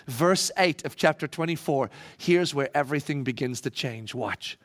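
Man, preacher, sermon, high voice, dramatic, hushed to loud. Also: normal speed.

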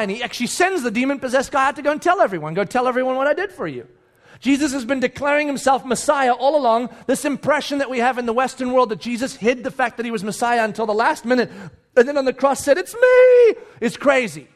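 A middle-aged man preaching a sermon, telling the story animatedly and acting out the people in it, with sudden quiet asides. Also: very high voice. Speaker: pastor.

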